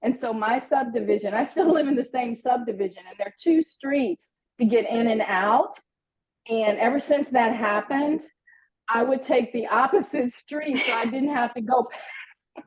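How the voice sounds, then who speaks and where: A middle-aged woman with a fairly high voice tells a personal story in a lively, self-deprecating way. The sound is a bit dull and lo-fi. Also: husky. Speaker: guest storyteller. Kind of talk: casual storytelling.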